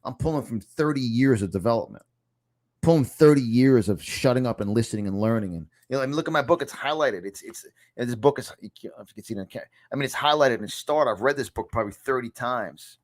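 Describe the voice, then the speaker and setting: This success coach and podcast host, a New Yorker-accented man in his fifties, talks fast in an animated, mid-range voice. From his home studio he gives a motivational talk, driving home key lines through repetition in an emphatic, preacher-like delivery.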